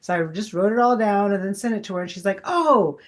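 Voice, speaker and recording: A woman's voice: medium pitch, fast talker, a little mellow. A woman in her forties, a guest chatting casually in an interview, rambling with many fillers and acting out past conversations.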